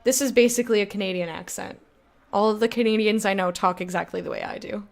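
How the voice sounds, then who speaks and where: An American woman streaming a game, chatting casually with her viewers, self-mocking and quick to laugh. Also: mid-range voice. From United States. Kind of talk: casual gameplay commentary, reading chat.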